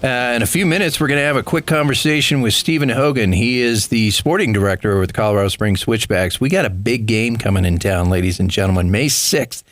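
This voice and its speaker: A man's voice: medium pitch, brisk, hardly any pauses, no room sound. A man hosting a local business talk radio show in a studio, chatty and enthusiastic, calling listeners folks. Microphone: studio microphone.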